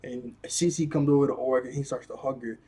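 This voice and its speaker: A man's voice: mid-range voice, fairly even intonation, brisk, dark tone, slightly rough. A young man casually recapping a cartoon episode, laughing often and talking in loose slang with lots of fillers.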